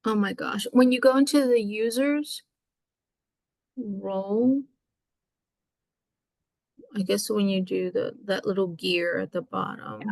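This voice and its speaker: A woman taking part in a casual online meeting, speaking haltingly and trailing off mid-sentence, heard over a video call. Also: mid-range voice, vocal fry, darkish tone, no echo, poor audio. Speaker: meeting participant.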